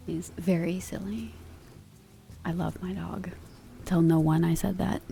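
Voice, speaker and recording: A woman streaming live ASMR, chatting casually and playfully, drifting between soft whispers and quiet talk from a home sound booth. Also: on the low side, gravelly.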